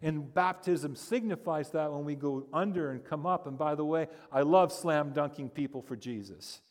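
A male pastor giving a sermon, telling stories with humor and building to animated emphasis. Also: on the high side, moderate pace. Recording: long reverb of a large hall.

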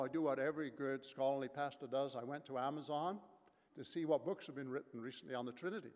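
Pastor preaching in an echoing hall. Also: male voice, on the high side. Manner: emphatic preaching with rhetorical questions. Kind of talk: sermon.

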